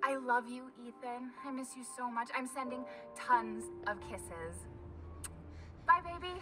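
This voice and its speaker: An actress playing a loving young wife in a horror game, speaking in an affectionate, bubbly way. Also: female voice, a little high, a little slow, lightly acted. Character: loving young wife sending video messages. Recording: distant voice over game music.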